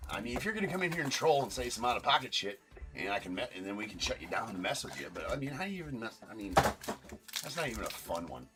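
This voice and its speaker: Deep-voiced man hosting a card break. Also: sing-song, quick pace. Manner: rattles off cards, banters with chat. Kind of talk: live-stream card break commentary.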